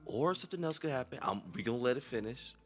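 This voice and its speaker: A man hosting a reaction video, talking in an excitable, rambling, slangy and profane way. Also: medium pitch, fast, soft background music. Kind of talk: casual reaction commentary.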